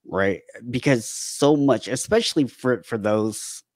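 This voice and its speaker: A man speaking as a podcast guest and habit coach, talking casually with animated bursts and frequent restarts, sometimes acting out his own panicked thoughts. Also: mid-range voice, a little slow, no echo, clean studio sound. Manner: animated storytelling, acting out panicked inner voices; frequent restarts and repeated words. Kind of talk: casual conversational interview.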